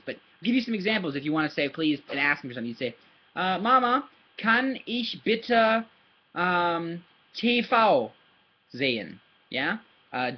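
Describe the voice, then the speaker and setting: A man's voice: a little high, breathy edge, lo-fi sound. A man giving a casual, patient German lesson to a child, repeating words and demonstrating sounds. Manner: patient, repeats words and asks "yeah?" often; demonstrates sounds with paper and hand. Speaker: German tutor.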